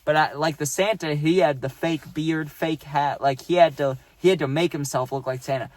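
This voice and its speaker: A young man tells a workplace story in a rambling, profane storytime manner, checking in with "right?" again and again. His voice sits on the higher side for a man. The sound is dry and close, with no room echo. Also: fairly even intonation, normal speed. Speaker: vlogger telling a story. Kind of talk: casual storytime.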